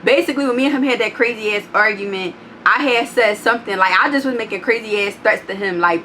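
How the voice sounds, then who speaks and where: A woman's voice: mid-range voice, a little fast, a little hiss or hum. Blunt, profane young woman telling a story. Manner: blunt and profane, quotes others in animated voices. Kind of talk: casual storytime.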